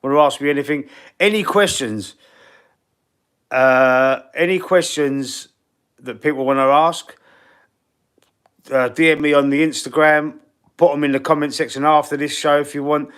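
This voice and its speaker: A man from East London with a Cockney accent and husky, wheezy breathing, hosting a casual live-stream Q&A in a blunt, slangy way. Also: on the high side, flat delivery, normal speed, fairly bright tone. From East London, England. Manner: blunt, slangy and chatty, calling viewers bro and mate. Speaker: fan channel live streamer.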